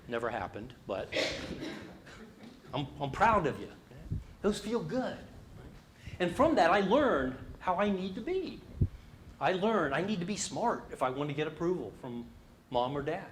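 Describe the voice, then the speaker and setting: A man's voice: on the high side, sing-song, measured pace, a little hiss or hum. A middle-aged man presenting a leadership workshop, speaking with animation and asking the audience questions. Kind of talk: interactive leadership workshop talk.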